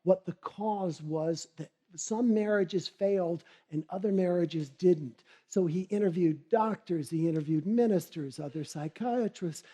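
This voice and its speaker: A middle-aged man giving a humorous motivational keynote, telling stories in a lively way and acting out the characters. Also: sits high, a little slow, few pauses. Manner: lively storytelling, acts out characters. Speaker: keynote speaker.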